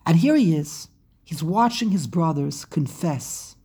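A woman giving an impassioned religious lecture, full of rhetorical questions and swings between hushed and loud. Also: deep voice, lively intonation, a little slow, breathy edge. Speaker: Torah teacher.

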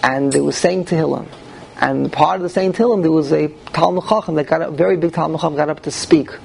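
A man's voice: a little high, fairly even intonation, quick pace, creaky, a little mellow, slight background noise, rough recording. A man teaching a classroom Talmud lecture, emphatic and often restarting, putting questions to his listeners. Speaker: Torah teacher.

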